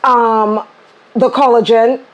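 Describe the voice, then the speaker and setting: Bright-toned enthusiastic woman podcast host. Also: on the high side, takes it slowly, muffled recording. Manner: enthusiastic, animated storyteller. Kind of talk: casual podcast conversation.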